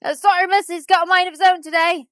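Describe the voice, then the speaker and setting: A woman voicing an earnest, burly ginger male dustman who gently coaxes a spooked horse. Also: fairly high pitch, big pitch swings, fast, husky, no echo, clean studio sound, exaggerated voice. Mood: coaxing.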